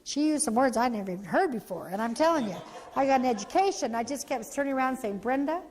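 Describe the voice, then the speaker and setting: A woman, an organization's founder, giving an animated storytelling talk for a training video, acting out the voices she quotes. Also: fairly high pitch, fast, big-room sound.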